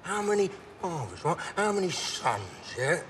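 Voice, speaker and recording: A rambling gangster. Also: male voice, high-pitched, big pitch swings, normal speed, in a large hall, slight background noise. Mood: menacing rant. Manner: rambling, swearing, swings from mutter to shout. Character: volatile London gangster, middle-aged man, rambling and menacing. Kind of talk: television crime drama.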